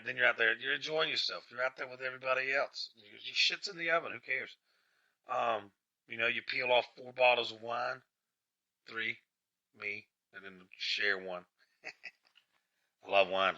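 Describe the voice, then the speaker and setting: A man's voice: medium pitch, creaky, pushed and bright. A man hosting his own podcast, ranting casually with lots of swearing, restarts and rambling asides. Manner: rambling, profane, with many restarts. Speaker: podcast host. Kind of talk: casual rant monologue. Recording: dull lo-fi recording.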